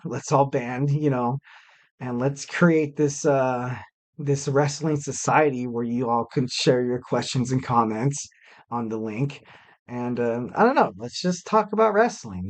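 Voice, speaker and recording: A young man hosting a wrestling podcast alone, chatting loosely with lots of fillers and little self-mocking jokes. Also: mid-range voice. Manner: rambling, filler-heavy, self-joking. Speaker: podcast host. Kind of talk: casual solo podcast chat.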